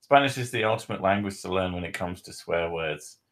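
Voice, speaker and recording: A man's voice: sits low, brisk, fairly bright tone. Joking man hosting a casual stream. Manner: joking, laughs often, swears. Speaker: host. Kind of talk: casual livestream chat reading chat questions.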